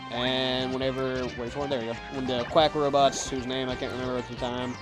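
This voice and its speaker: A young man with a brisk, medium-pitched, level voice hosts a let's play, rambling through casual, self-deprecating gameplay commentary and often stumbling over his words. Game music plays behind him.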